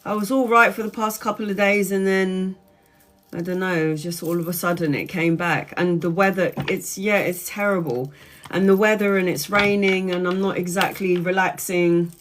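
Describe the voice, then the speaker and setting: A woman's voice: on the low side, fairly even intonation, moderate pace, fairly bright tone. A woman, congested and bunged up, chatting in a rambling way on a home live stream as a tarot reader and answering viewers' comments. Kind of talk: casual live-stream chat.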